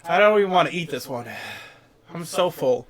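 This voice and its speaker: Excitable, swearing podcast co-host man. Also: fairly high pitch, normal speed. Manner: loud, excitable banter full of swearing. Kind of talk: casual chat.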